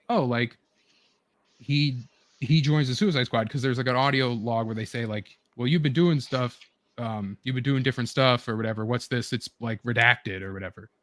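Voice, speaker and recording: A man's voice: mid-range voice, a bit bright, no echo. Rambling enthusiastic man, dry close sound. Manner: rambling, filler-heavy, eager retelling. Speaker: show host. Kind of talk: casual chat with friends.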